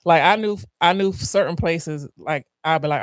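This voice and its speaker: A man co-hosting a podcast, chatting casually in a relaxed, halting way as he thinks aloud. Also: fairly high pitch, no echo, studio quality.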